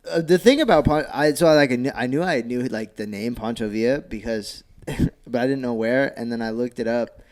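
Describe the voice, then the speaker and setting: A man's voice: mid-range voice, a little fast. A man co-hosting a casual comedy podcast, laid-back and chuckling between wisecracks. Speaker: podcast co-host.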